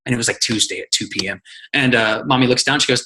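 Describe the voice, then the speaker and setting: A man coaching his team in casual, energetic talk, telling stories, acting out quotes and swearing freely. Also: medium pitch, quick pace, rough recording. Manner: energetic, profane, storytelling with acted quotes. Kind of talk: casual motivational teaching.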